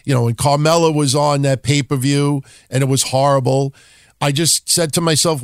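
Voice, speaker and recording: Male podcast host, slightly higher voice, blunt and profane, dry close sound. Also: little pitch movement, normal speed, smooth, no echo. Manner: blunt and profane, wry asides. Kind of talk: casual wrestling history talk.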